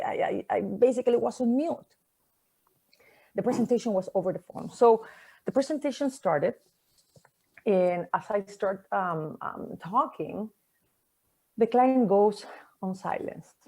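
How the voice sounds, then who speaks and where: A woman whose first language is not English, giving a personal talk, reflective and conversational, with pauses and soft endings. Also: mid-range voice, slightly rough. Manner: conversational fillers like "like" and "you know".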